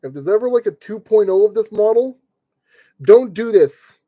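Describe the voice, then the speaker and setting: A man with a mellow, darker tone keeps up a running commentary while he streams a model kit build. He grumbles at fiddly parts and jokes to himself as he works, in the loose way of a live stream. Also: sits high, lively intonation, moderate pace, no echo, lo-fi sound. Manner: grumbling, joking self-talk while working.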